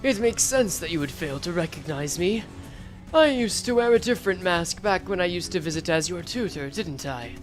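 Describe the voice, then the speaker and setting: A woman voicing a raspy, haughty old female art maestro from a game story, with a slow, drawn-out delivery. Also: fairly low pitch, expressive, faint music behind, close to an everyday voice. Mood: menacing.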